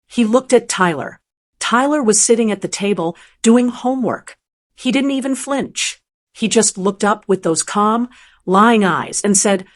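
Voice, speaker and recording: A woman's voice: medium pitch, lively intonation, a little slow. Intense woman narrating a dramatic story.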